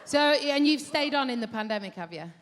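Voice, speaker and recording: A woman works a live stand-up crowd with brash, teasing banter. Her bright, fairly high voice rings through a big reverberant hall. Audience laughter sits faintly behind her. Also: lively intonation, fairly quick, slight background noise. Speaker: stand-up comedian. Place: large live theatre venue.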